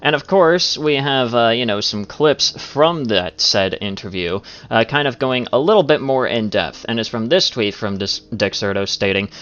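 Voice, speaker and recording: A man's voice: mid-range voice, a bit bright. A man ranting in a commentary video, swearing often and filling his talk with "like" and "you know.". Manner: profane, filler-heavy with many "like"s. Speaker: commentary YouTuber. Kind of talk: rambling commentary rant. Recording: dull lo-fi audio.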